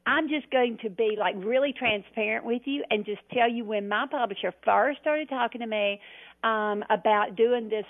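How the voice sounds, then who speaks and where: A woman's voice: fairly high pitch, normal speed. Folksy Southern woman on a phone line. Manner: chatty, folksy, self-deprecating. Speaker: cookbook author guest. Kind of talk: radio interview by phone.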